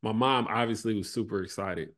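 Low-voiced man, relaxed reflective talk. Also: a little fast. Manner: relaxed, lots of "like" and "you know", trails off softly. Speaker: podcast guest, former basketball player. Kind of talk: reflective conversational interview.

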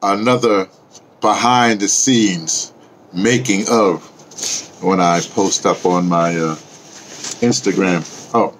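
A man's voice: low-pitched, slow, long pauses, a little hiss or hum. A man talking casually and rambling in a vlog, chatting about music and his day. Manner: rambling, chatty, sings along to a record. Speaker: vlogger.

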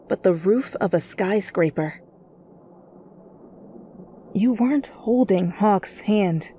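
Slow soft-voiced woman, whispered role-play. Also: medium pitch. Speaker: fanfiction reader. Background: faint music.

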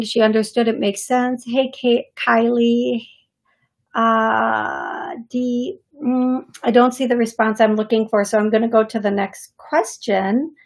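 Husky woman radio host, slow chatty talker, laughs at nerves, bit high voice. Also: a little mellow. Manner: chatty, laughs often when nervous. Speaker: psychic medium radio host. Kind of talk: live call-in radio show.

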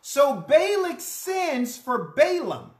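In a church, a pastor delivers a sermon, telling a story animatedly and performing the characters' lines. His voice is high-pitched and slow, with plenty of reverb.

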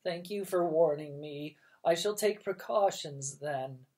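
A woman voicing an ailing old wizard who speaks softly and resignedly. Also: low-pitched, measured pace. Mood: weary. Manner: soft and resigned. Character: weary, sick old wizard, mild and meek.

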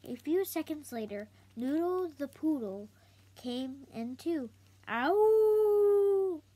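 A woman reading a children's book aloud slowly, halting now and then to correct herself. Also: sits high, animated, mellow, slightly rough. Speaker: storybook reader.

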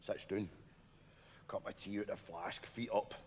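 A man with a Glaswegian accent performing live sketch comedy in a theatre, telling ghost stories in a hushed, spooky tone and hamming it up as a radio DJ. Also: on the low side, fairly even intonation, unhurried. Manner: spooky storytelling, then cheesy radio DJ patter. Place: large theatre stage. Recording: theatre reverb with faint noise.

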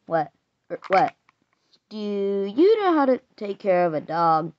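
A young woman voices her homemade cartoon in a playful, sing-song way, full of hums and silly noises. She talks slowly at a middling pitch. The recording sounds dull and lo-fi, like a cheap home mic. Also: very animated, a little hiss or hum. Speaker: hobby animator voicing all characters.

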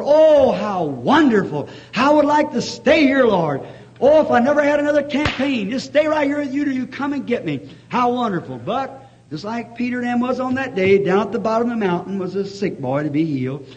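A man preaching a revival sermon, telling a story in a hushed voice and then breaking into excited shouts of praise. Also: high-pitched. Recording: dull lo-fi archival tape.

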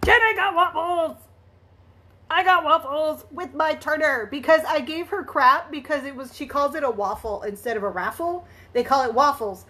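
Bubbly high-voiced woman crafter. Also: normal speed, hardly any pauses, pushed and bright. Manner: chatty and bubbly, greets viewers by name, laughs often. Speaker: tumbler crafter hosting a live stream. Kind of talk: casual live-stream chat while crafting.

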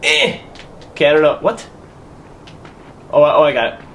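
A young man talks through a game he's stuck on, swearing freely and muttering half-sentences to himself. His pitch sits a little high and swings widely, leaping up on sudden exclamations. A faint hiss runs under the recording. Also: very animated, normal speed, vocal fry, a bit bright. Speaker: gaming commentator. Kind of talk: casual let's-play commentary.

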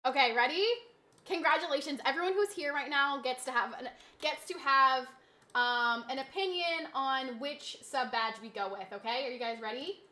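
A woman streaming a game, chatting casually with her audience, reading chat aloud and slipping into animated, mock-indignant rants. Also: high voice, normal speed. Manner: chatty, reads chat aloud, laughs easily. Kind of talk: casual live-stream chat while gaming.

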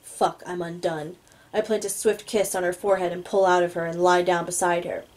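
Woman reading a book out loud, lowish voice, steady and low-key. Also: a little fast, low-quality recording. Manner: steady, low-key storytelling with occasional stumbles. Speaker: audiobook reader. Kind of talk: first-person novel reading.

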